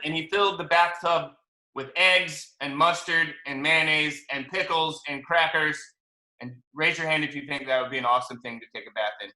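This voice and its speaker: Bright, animated man reading to kids. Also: on the high side, normal speed. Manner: animated, chatty storytelling to kids. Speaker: children's book author. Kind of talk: reading a picture book aloud to children. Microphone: video call. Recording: echoey room over video call.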